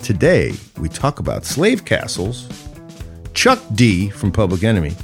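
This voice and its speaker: A man's voice: on the low side, wildly swooping pitch, unhurried, soft background music. A man hosting a solo podcast, talking in a playful, reflective way that moves between jokes and musing. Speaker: podcast host.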